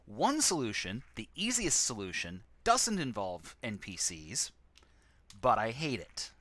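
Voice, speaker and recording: A man's voice: medium pitch, very animated, a little slow, bright, forceful tone, no echo. Wry man streaming a text game. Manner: sarcastic, wry asides. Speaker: streamer playing a text adventure. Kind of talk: casual gameplay commentary.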